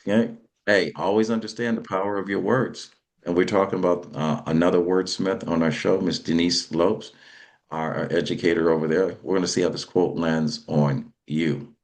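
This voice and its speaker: A man with a deep, low voice hosts a motivational talk show. He speaks like a preacher and keeps asking his listeners "all right?". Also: fairly even intonation, moderate pace, a little mellow. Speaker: host.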